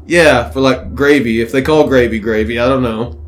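A man, trading crude jokes and deadpan asides with a friend. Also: medium pitch, moderate pace. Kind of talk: casual profane banter.

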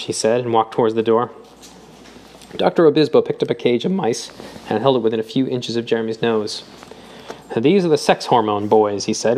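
A man narrates an audiobook at a measured, even pace. His voice sits at an ordinary middle pitch. He reads steadily through the prose.

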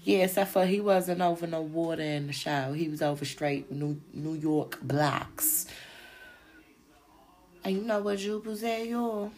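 A woman's voice: lowish voice, unhurried, a little mellow. A woman hosting a podcast, chatting casually about crime-show gossip in a slangy, profane way with frequent asides to her listeners. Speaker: podcast host.

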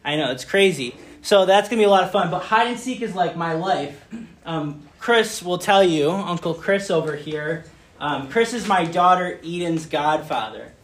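A man in his thirties giving a playful church talk, telling stories with lots of fillers and bursting into loud, excited acted asides. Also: high voice, normal speed. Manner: chatty, many fillers like "um" and "like". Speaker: speaker giving a children's message. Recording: roomy echo.

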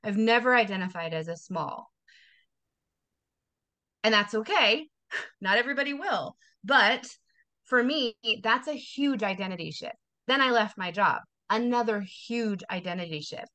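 A woman's voice: mid-range voice, unhurried, bright, forceful tone. A woman in her forties, a wellness coach talking as a guest in a casual podcast interview, emphatic and motivational, repeating phrases for effect. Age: 40s.

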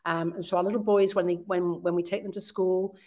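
A woman chatting as a podcast guest. She is enthusiastic and laughs easily, with a somewhat low pitch for a woman. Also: flat delivery, fairly quick, a little mellow. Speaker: interview guest. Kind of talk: casual conversational interview.

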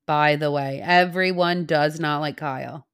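Low-voiced young woman co-host. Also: steady tone, unhurried, clean tone. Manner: chatty, blunt, swears. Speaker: podcast co-host. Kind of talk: casual chat.

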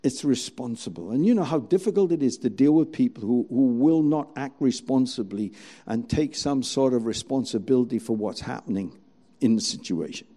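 Male preacher giving a sermon, voice swoops all over, mellow warm tone, acts out little scenes. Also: mid-range voice, lively intonation, normal speed. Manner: storytelling, dramatic, acts out scenes.

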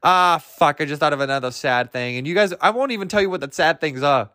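A man's voice: fairly high pitch, lively intonation, fast talker, pushed and bright, no echo, studio quality. Goofy rambling young man podcasting solo. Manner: goofy, self-amused, rambling, laughs at own jokes. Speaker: podcast host.

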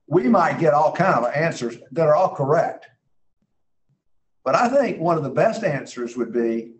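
A man's voice: fairly high pitch, slight background noise, poor audio. A man teaching a Bible class in a conversational way, earnest and emphatic, thinking aloud as he reads scripture.

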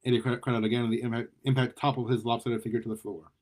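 A man reading a superhero story aloud in a lively way, often stumbling and repeating words. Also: medium pitch, rapid-fire. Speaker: story reader.

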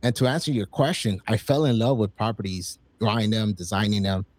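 A man in his forties telling stories in casual, profane chat, acting out quoted lines with excitement. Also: on the low side, brisk, no echo. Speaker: podcast guest.

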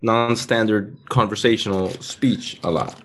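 A man's voice: fairly low pitch, unhurried, slight background noise. A young man in casual conversation as a podcast co-host, blunt and opinionated, swearing freely. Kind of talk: casual chat.

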